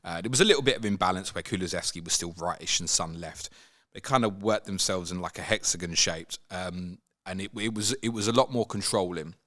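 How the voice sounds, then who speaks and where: A man hosting a casual football chat, animated and swinging up high when he mimics players. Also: fairly quick. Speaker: football podcast host.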